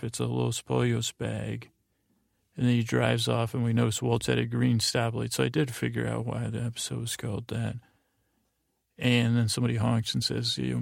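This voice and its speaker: A man's voice: mid-range voice, dry recording, clean studio sound. A man hosting a podcast, recapping a TV episode in a rambling, plain way with many fillers, quoting each character in his own voice. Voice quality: gravelly. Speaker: podcast host. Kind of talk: sleepy, meandering episode recap.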